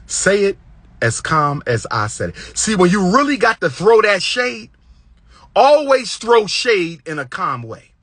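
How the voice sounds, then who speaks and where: Male speaker, impassioned lecture, somewhat high voice with a husky edge, booming then hushed, repeats lines for effect. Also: big pitch swings, a little slow, no room sound. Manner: preacherly, swings between loud high exclamations and low hushed asides; repetitive, emphatic cadence. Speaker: public speaker giving relationship advice.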